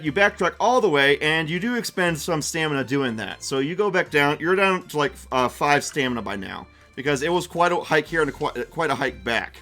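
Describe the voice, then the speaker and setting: Chatty male game master, slightly high voice. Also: pushed and bright. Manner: casual, chatty narration with many fillers and restarts. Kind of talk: narrating a tabletop game on stream.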